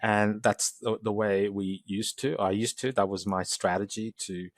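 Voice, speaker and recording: A man in his forties, a podcast guest, telling personal stories in a lively way and acting out the remarks of others. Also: on the low side, moderate pace, no echo, clean studio sound. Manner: animated storytelling, acts out quoted exchanges. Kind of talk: podcast interview.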